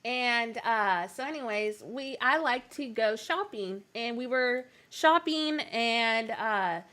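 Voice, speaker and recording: A young woman tells family stories to her stream audience in a relaxed, rambling way. Her voice sits a bit high, and she laughs often and fills pauses with "uh" and "so.". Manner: chatty, laughing often, many fillers. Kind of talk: casual storytelling on a game stream.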